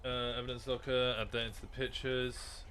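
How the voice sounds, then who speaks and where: A man's voice: mid-range voice, little pitch movement, a little fast, sharp tone, faint music behind. A man streaming a game roleplay as a police officer, upbeat and chatty, often repeating himself as he talks to players and viewers.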